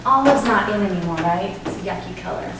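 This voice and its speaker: A woman's voice: medium pitch, lively intonation, fast, lightly acted. A woman improvising on stage as a sarcastic, needling younger sister who mocks her sibling. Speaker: improv performer. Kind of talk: improvised stage comedy scene. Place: small theater stage. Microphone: distant room mic. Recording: echoey theater from far off, very noisy.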